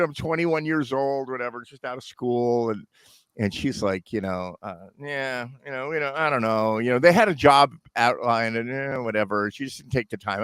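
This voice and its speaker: A man's voice: mid-range voice, normal speed, clear, resonant tone, dry recording. A middle-aged man telling a long story in casual chat, acting out the voices of people in it. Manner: animated storyteller, acts out others' voices.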